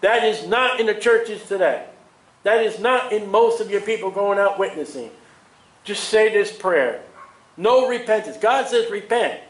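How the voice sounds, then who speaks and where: Man, preacher, sermon, high voice, animated, echoey room. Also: unhurried. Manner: animated, chuckles at his own asides.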